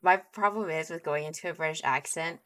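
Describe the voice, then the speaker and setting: A woman's voice: deep voice, brisk, bright, forceful tone. A young woman streamer chatting casually on a call, joking and telling rambling stories.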